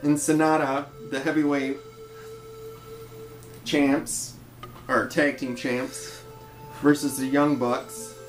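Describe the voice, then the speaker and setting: A man co-hosting a wrestling podcast, calmly recapping match results in casual talk. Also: medium pitch, slow, long pauses, reverberant, faint music behind, rough recording. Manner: steady recapping of results, laughs along. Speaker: podcast co-host.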